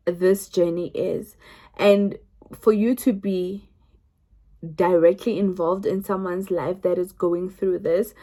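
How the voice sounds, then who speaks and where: Chatty South African woman vlogger. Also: mid-range voice. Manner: chatty, restarts often, lively retelling. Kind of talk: casual storytelling to camera.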